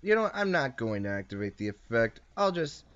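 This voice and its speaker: A man's voice: medium pitch, big pitch swings, brisk, fairly bright tone, clean tone, dull audio. A man casually narrating his moves in an online card game, teasing his opponent and correcting himself as he goes. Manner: explains each move, playful taunts, frequent self-corrections. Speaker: host and card game player.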